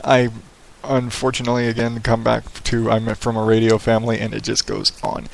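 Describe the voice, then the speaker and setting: Podcast host, man, gravelly middle-pitched voice, loose rambling radio delivery on a headset mic, small echoey room. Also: completely flat delivery, a little fast, a little hiss or hum. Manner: rambling, profane, laid-back radio-style delivery. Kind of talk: casual solo podcast monologue. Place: small echoey home office with hardwood floors. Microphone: headset microphone.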